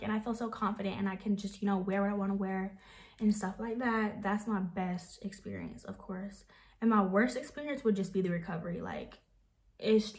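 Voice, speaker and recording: A young woman, chatting casually in a rambling Q&A vlog full of fillers. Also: mid-range voice. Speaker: vlogger.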